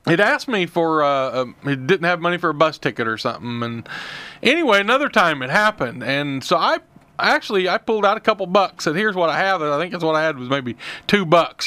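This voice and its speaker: Man, high voice, bright and smooth, dry studio sound, chatty co-host. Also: no room sound. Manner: rambling storyteller, many fillers and restarts. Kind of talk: conversational Christian talk show.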